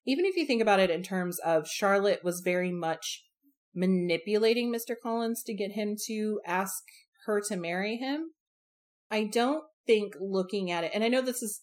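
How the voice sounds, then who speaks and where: A woman discussing a novel in casual chat, animated, acting out the characters' lines and swearing casually. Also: medium pitch.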